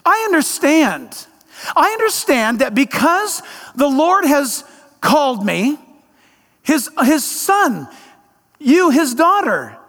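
A man's voice: extremely high pitch, fairly bright tone. A male pastor preaching a conversational sermon to his church, full of emphatic rhetorical questions. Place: church sanctuary. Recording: long reverb of a large hall.

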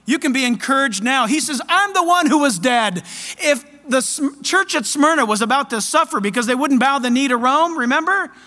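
Fervent high-voiced male preacher. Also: moderate pace, long reverb tail. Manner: fervent, loud and excited. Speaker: pastor. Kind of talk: sermon.

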